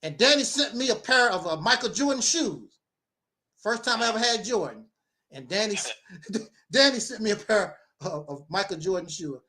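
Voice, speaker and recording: A man's voice: sits high, animated, normal speed, pushed and bright. A man telling a personal story in casual conversation, rambling and repeating his phrases. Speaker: guest sharing his story.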